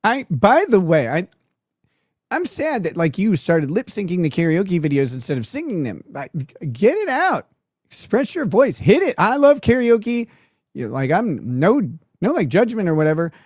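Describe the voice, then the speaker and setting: Woman streamer reacting live, lots of laughing and swearing, sarcastic, pitch all over, dry sound. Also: big pitch swings, moderate pace, a little mellow, dry recording. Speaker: streamer host.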